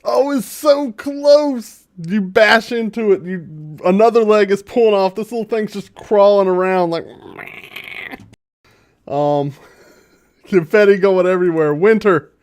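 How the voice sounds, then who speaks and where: A man running a tabletop game as dungeon master, lively and laughing often. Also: sits high, a little slow.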